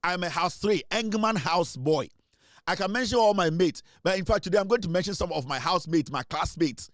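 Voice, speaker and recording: Teasing Ghanaian man, high-pitched, dry sound. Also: lively intonation, fairly quick, fairly bright tone, no echo. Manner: teasing, repetitive rhetorical questions; mixes English with Twi. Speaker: show host. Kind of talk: casual monologue.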